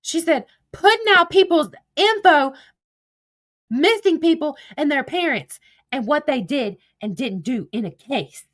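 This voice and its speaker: Her voice high and expressive at a normal speed, a woman vlogger recounts online drama by reading out a text thread in an "I said, she said" format. She's blunt, clearly exasperated, and swears without holding back.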